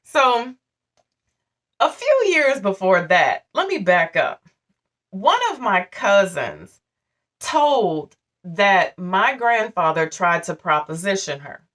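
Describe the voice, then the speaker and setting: A woman's voice: mid-range voice, big pitch swings, slow, a bit bright, recorded from a distance. A woman in her forties telling a painful personal story to her viewers in a candid, emotional, conversational way. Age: 40s. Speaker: vlogger.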